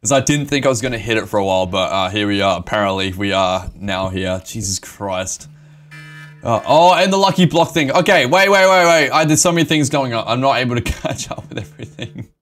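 Excitable swearing man streaming live. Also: medium pitch, fairly quick. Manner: excitable, swearing, emotional, laughing often. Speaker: game streamer. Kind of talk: live gaming stream chat.

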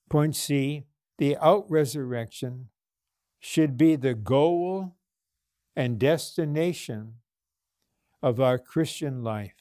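A man preaching a sermon in a slow, deliberate cadence. His voice is dark and mellow, recorded dry and close. He speaks earnestly, stopping to ask his listeners questions. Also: medium pitch, no room sound. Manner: slow, earnest, with frequent restarts and rhetorical questions. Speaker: minister.

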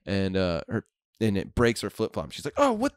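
Brief: young man, low voice, dry close sound, profane and rambling podcast host. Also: normal speed, smooth, dry recording. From Houston, Texas. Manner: profane, laid-back rambling with laughs. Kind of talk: casual storytelling chat.

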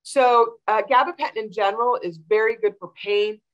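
A woman's voice: a little high, normal speed, dull audio. A woman veterinarian answering audience questions on a video call, explaining with many fillers. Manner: warm, explanatory, with frequent fillers.

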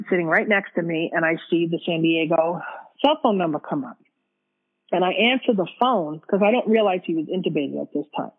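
A woman interviewed as a widow, recounting a personal story in a halting way and often repeating her words. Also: lowish voice, slightly rough, narrow, tinny audio.

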